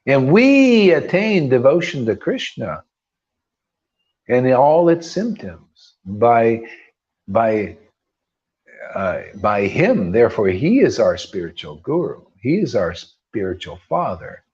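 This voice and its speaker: Speaking slowly in a very animated, slightly mellow mid-range voice, this spiritual teacher preaches informally. He is combative, throwing out rhetorical questions and slangy asides of "man," and the lo-fi recording sounds dull.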